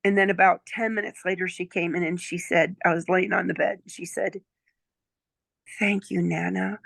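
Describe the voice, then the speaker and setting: A woman's voice: mid-range voice, steady tone, moderate pace, creaky, a bit bright, no echo. A woman in her sixties, a former nurse, telling a chatty story as a client testimonial, often checking in with "okay?" and "right?". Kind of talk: casual storytelling chat.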